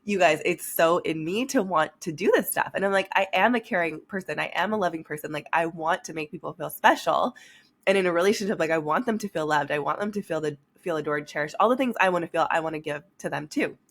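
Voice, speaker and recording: Frank, animated young woman talking to listeners. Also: fairly low pitch, a little fast. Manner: frank, animated, swears casually, addresses listeners as "you guys". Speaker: podcast host. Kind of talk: candid solo podcast talk.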